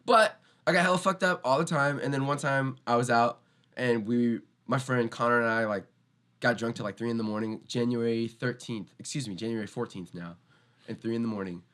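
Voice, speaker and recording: A young skateboarder, a guest on a podcast, tells a story casually and acts out the quoted lines in loud, animated voices. His voice is mid-range and his pace brisk.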